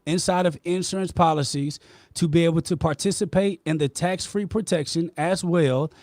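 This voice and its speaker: A man's voice: a little high, normal speed, darkish tone, dry recording. Passionate, insistent male podcast host. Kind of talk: heated debate with a caller.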